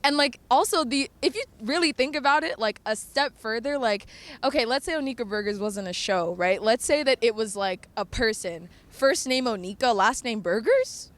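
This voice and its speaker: Chatty young woman, slightly high voice. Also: normal speed. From North Carolina. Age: young adult. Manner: animated, chatty, laughs often, lots of "like". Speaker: vlogger. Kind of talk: casual storytelling chat.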